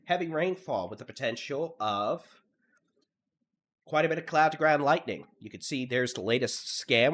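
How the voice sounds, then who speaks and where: A Texan man, congested from allergies, runs live severe-weather coverage in a steady, at times monotone cadence. He works through town names, storm speeds and hail sizes one after another. His pitch sits in the ordinary middle for a man.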